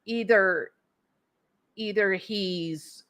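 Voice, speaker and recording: A woman's voice: mid-range voice, very slow, fairly bright tone. A woman hosting a casual livestream, chatting and answering viewer comments, thinking aloud with restarts and small laughs. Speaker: livestream host.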